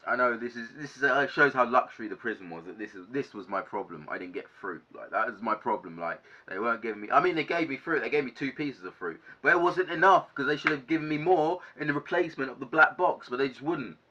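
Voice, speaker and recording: A young man telling a casual storytime to camera, animated, ranting and swearing a lot. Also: mid-range voice, fast talker, hardly any pauses. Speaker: vlogger. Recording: dull lo-fi sound.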